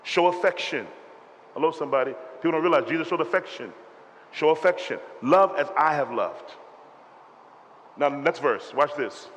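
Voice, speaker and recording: A man delivers a spirited sermon, tossing questions for the congregation to answer back. His voice sits a little high, and it echoes through a large church hall over a faint hum of ambience. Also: normal speed, pauses often. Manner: animated preaching with call-and-response. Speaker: pastor. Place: church sanctuary.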